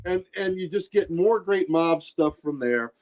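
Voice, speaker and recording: A man's voice: fairly high pitch, expressive, unhurried, darkish tone. A middle-aged man hosting a podcast, retelling comic book scenes in casual, enthusiastic chat. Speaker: podcast host.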